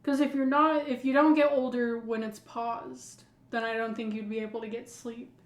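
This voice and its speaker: A woman's voice: on the high side, little pitch movement, moderate pace, roomy sound. A woman co-hosting a podcast in casual chat, rambling and saying "like" constantly. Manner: rambling, heavy use of "like". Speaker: podcast co-host.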